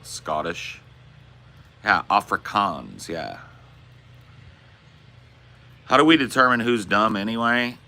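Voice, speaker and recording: A man's voice: on the low side, big pitch swings, slow pace, gravelly, pauses often, pushed and bright. A man streaming live, casually answering chat questions in a rambling, profane, laid-back way.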